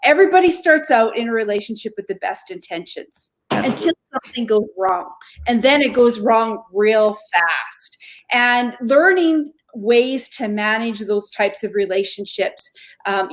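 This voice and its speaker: A woman hosting an interview, asking long, rambling questions full of fillers. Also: medium pitch. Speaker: podcast host. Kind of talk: interview conversation.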